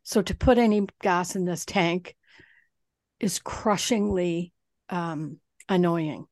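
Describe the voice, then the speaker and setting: Woman podcast co-host, lively storyteller who does the other voices, close and dry. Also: on the low side, slow pace, no echo. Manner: animated storyteller, swears, mimics others. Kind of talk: casual chat.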